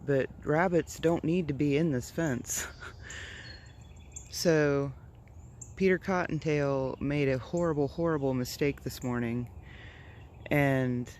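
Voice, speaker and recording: A man's voice: medium pitch, a little mellow. Guy vlogging in his backyard, rambly and flustered, normal middle voice, a little outdoor hiss behind. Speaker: vlogger and backyard bird keeper. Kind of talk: casual vlog chat.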